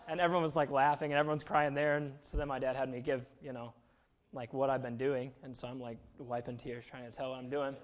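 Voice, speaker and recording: A man's voice: mid-range voice, level tone, fast. A young man giving a casual, chatty sermon, self-deprecating and full of fillers. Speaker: preacher.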